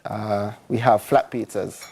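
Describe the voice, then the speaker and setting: A man, a food and beverage manager, listing the items on his menu with pauses. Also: lowish voice, steady tone, gravelly, a little mellow, husky.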